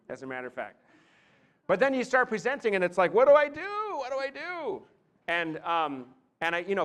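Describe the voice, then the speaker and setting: A man giving a live talk on presentation skills from a podium, lively and theatrical, with chatty asides to his audience. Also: fairly high pitch. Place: meeting room, speaking from a podium.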